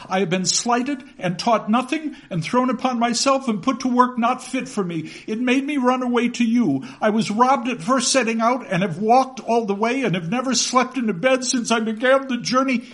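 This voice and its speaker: A man's voice: very high voice, moderate pace, few pauses, fairly bright tone, voice pushed up. A man voicing a ragged, unhappy runaway boy who pleads politely and hesitantly. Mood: pleading.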